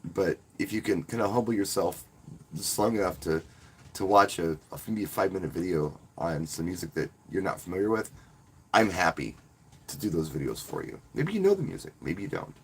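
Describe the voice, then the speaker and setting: Husky-voiced man chatting on a live stream. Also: deep voice, big pitch swings, a little fast. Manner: rambling, friendly, repeats words when restarting. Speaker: wedding DJ and channel host. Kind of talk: casual live-stream talk.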